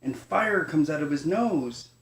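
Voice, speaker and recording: A man voicing an anxious young male raccoon cub in a bedtime storybook, his pitch nudged up into a pleading, childlike tone. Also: expressive, measured pace. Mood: excited. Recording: echoey room.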